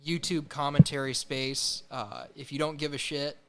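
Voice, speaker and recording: A man's voice: fairly high pitch, little pitch movement, normal speed, gravelly, bright, forceful tone, clean tone. A young man co-hosting a comedic podcast, casual and sarcastic, laughing often. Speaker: podcast co-host.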